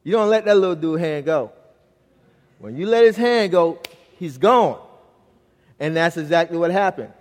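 A middle-aged man preaching a sermon as pastor, telling a family story and swinging from loud to hushed. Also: a little high, animated, normal speed, long pauses, long reverb tail.

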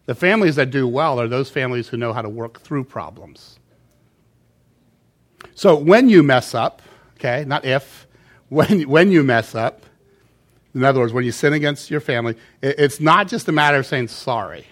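A man's voice: medium pitch, animated, normal speed. A man preaching a sermon to a church congregation, in a conversational style that keeps checking in with "okay?" and acts out quotes. He sometimes moves off the microphone. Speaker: pastor.

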